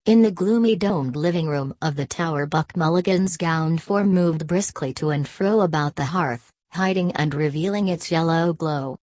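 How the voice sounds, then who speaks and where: Low-voiced woman reading an audiobook. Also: moderate pace, hardly any pauses, a little mellow, no room sound. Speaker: audiobook narrator. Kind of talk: scripted narration.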